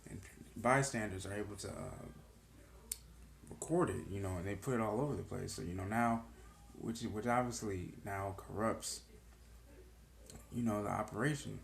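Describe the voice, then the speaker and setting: A man's voice: lowish voice, moderate pace, creaky, pauses often, echoey room. A man recapping and reacting to a TV episode in a casual, earnest vlog, rambling with many "you know" fillers. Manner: earnest, emotionally charged. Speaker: TV show reaction vlogger.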